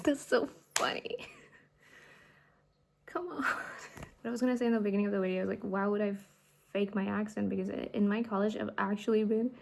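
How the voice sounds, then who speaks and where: A woman's voice: medium pitch, creaky, darkish tone. A young woman from India, a Hindi speaker, talking candidly to her camera in a rambling, casual way, often dropping to a half-whisper. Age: young adult. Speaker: vlogger and artist. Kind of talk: casual vlog talk to camera.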